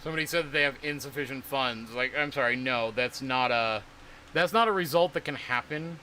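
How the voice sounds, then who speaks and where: A man's voice: medium pitch, brisk, bright, forceful tone, slight background noise. A man streaming casually about crypto, rambling and swearing in exasperation. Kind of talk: casual livestream talk.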